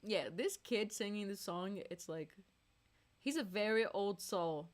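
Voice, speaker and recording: A woman's voice: medium pitch, a little slow. A woman singer chatting casually on a live stream, laughing and reading out viewers' messages between songs.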